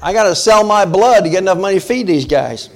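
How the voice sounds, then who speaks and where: A man's voice: sits high, expressive, fast talker. A middle-aged male pastor from the northern United States, preaching a conversational sermon and often asking the congregation questions. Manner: emphatic, talks directly to the congregation with questions.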